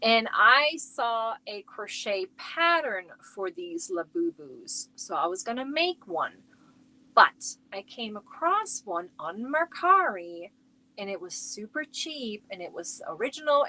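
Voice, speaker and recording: A woman's voice: a little high, very animated, a little slow, bright, forceful tone. A middle-aged woman chatting casually on her crochet livestream from home, rambling and talking to viewers by name.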